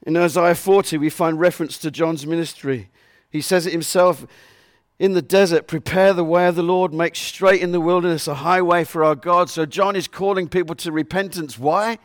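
Earnest high-voiced male preacher, dry sound. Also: steady tone, moderate pace, no room sound. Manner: earnest, repeats and stresses scripture verses. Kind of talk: sermon.

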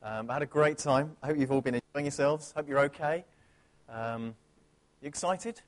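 Chatty english preacher guy, pitch a bit high, talks to the crowd. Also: normal speed. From England. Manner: chatty, asks the congregation questions. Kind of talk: sermon.

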